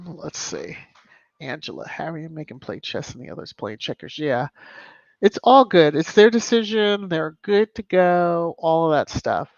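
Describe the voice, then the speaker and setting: A woman's voice: low-pitched, expressive, moderate pace, no echo, muffled recording. A woman hosting a casual live stream, greeting viewers by name and making emphatic asides. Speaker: YouTube live-stream host. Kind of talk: casual live-stream chat reading comments.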